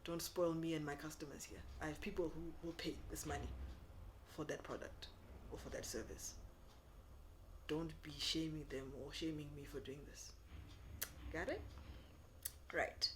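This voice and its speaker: A young woman giving business advice to camera, animated and sassy, acting out customers in quick voices. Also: sits low, a little hiss or hum. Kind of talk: casual advice talk to camera.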